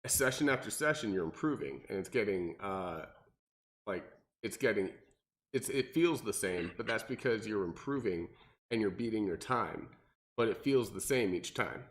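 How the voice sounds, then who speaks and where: A young man, a personal trainer, explaining workouts in casual podcast chat and acting out clients in mocking voices. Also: normal speed. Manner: animated, acts out clients with high mocking voices.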